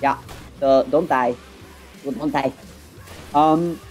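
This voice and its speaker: A man's voice: mid-range voice, steady tone, drawn-out words, darkish tone, soft background music. A man with a Canadian accent, joking playfully and trailing off mid-sentence as he chats while playing a game. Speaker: gaming YouTuber. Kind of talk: casual chat while gaming.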